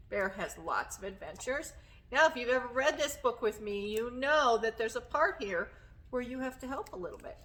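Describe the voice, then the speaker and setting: Slow, high-voiced woman reading to kids. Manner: gentle, coaxing, asks children questions. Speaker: children's librarian. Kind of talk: children's story time reading.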